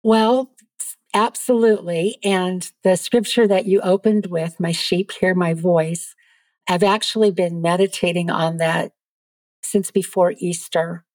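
A middle-aged woman speaking as a podcast guest, giving an earnest, lively faith testimony. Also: on the low side, measured pace, dry recording.

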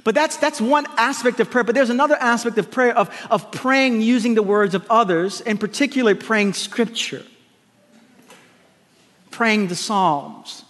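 A man preaching a sermon to a congregation, emphatic and repetitive, with quick asides to the crowd. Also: extremely high pitch, fairly bright tone, in a large hall. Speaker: pastor. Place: large church hall with congregation.

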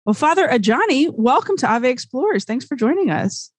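A woman's voice: high voice, very animated, a little fast, husky, dry recording. Louisiana lady hosting a podcast, chatty and gushing, dry close sound. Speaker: podcast host. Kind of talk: podcast interview.

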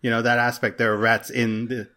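A man in a casual chat, wry and quick with quips. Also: medium pitch, flat delivery, pushed and bright.

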